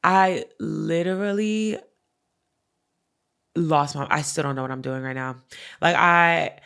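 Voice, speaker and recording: A woman co-hosting a podcast in casual chat, telling stories with animated energy, heavy slang and swearing, and lots of "like" and "literally.". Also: low-pitched, slow, smooth. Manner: fillers "like" and "literally". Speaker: podcast co-host.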